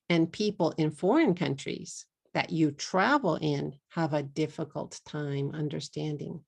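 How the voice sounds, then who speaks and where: A middle-aged woman from the United States with a Texan accent, teaching an English pronunciation lesson and repeating words slowly for learners. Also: lowish voice, creaky, darkish tone.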